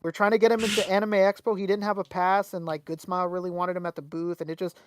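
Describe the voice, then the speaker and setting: Over background noise, a young male podcast co-host talks fast in a high voice, animatedly telling a story. He curses a lot and performs other people's lines as he goes, all in a casual chat.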